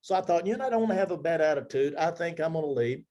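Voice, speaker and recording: A business leader in his seventies tells his team a personal career story, acting out the dialogue as he goes. His slightly high, mellow voice is animated and very fast.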